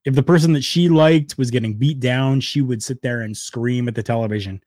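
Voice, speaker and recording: Animated male podcast host, dry close mic. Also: mid-range voice, fairly quick, few pauses, dry recording. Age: adult, former wrestler. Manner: animated and heartfelt, swings between loud bursts and quiet asides. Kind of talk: casual podcast talk.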